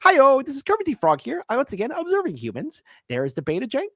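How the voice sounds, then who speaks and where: A man putting on a high, reedy Kermit the Frog voice, narrating like a nature documentary. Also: huge pitch swings, quick pace, dry recording, studio quality, exaggerated voice. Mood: mocking.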